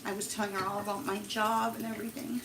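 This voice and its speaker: A woman vlogger telling a personal story on a live stream in an emotional, rambling, halting way. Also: mid-range voice, level tone, very noisy. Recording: echoey, from far off the mic.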